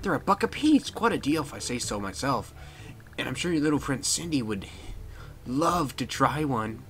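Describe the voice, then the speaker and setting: A man voicing a gruff, shady male school janitor who talks in folksy, old-fashioned slang. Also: medium pitch, sing-song, normal speed, fairly bright tone. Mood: salesy, shady.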